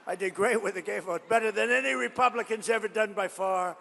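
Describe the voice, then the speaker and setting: A political speaker in his seventies delivers a rally speech in a large college hall, his voice high, brisk, a bit bright, and touched with vocal fry. He rambles and boasts, drifting into digressive stories, and the hall's sound is reverberant.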